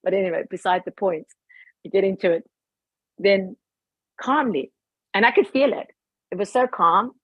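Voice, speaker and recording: Husky woman telling an excited story. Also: medium pitch, moderate pace, pauses often, no echo. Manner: animated, laughs often, acts out her own past thoughts. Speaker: participant sharing a testimony on a group call. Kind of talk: casual emotional storytelling.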